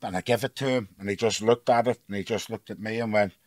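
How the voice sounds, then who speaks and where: A man's voice: on the low side, fairly even intonation, quick pace, a little mellow, no room sound. A man who hosts a podcast, telling stories in a laid-back, rambling way. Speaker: podcast host. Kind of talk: casual chat.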